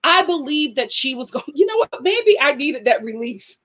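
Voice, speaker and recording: A woman's voice: sits high, moderate pace, muffled recording. A young woman hosting a reality TV review, chatting casually and animatedly, often laughing and acting out what people said. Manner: animated, laughing, acts out quotes. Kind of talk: casual chat.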